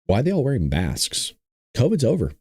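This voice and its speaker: A man's voice: medium pitch, wildly swooping pitch, a little fast, over a noisy crowd, very noisy. A man hosting a political commentary show, reading news aloud and reacting bluntly and indignantly while talking straight to his viewers. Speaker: show host.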